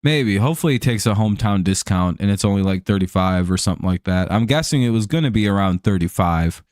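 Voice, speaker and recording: A man's voice: on the low side, expressive, fast talker, a little mellow, dry recording, clean studio sound. An American man hosting a live stream, chatting casually over a baseball game in a rambling, profane way with lots of fillers. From United States.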